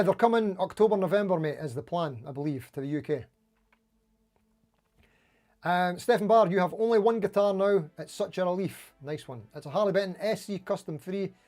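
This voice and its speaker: A man with a fairly high voice hosts a relaxed livestream. He reads viewers' comments aloud and chats back in a friendly, rambling way, and faint music plays softly behind him. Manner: chatty, friendly, greets viewers by name, frequent "mate" and "anywho". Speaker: livestream host. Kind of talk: casual livestream chat reading comments.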